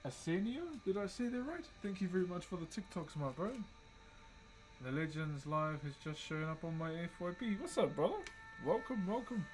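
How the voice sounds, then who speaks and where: A young man with a New Zealand accent, hosting a relaxed livestream and greeting viewers by name while he carves wood. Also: fairly high pitch, normal speed, faint music behind, rough recording. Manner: laid-back, greets chat viewers by name. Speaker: livestream host. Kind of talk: casual livestream chat while wood carving.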